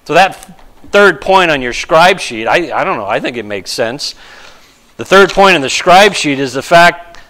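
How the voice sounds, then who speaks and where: Male pastor, higher voice, bright tone, casual preaching with dramatic quoted lines. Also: lively intonation, normal speed, low-quality recording. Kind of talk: sermon.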